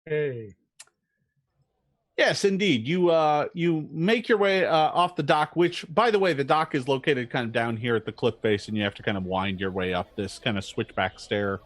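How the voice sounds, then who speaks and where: A man with a mid-range, fairly bright voice narrates a tabletop game as game master, describing scenes in a halting way with frequent fillers and restarts. There's no room sound.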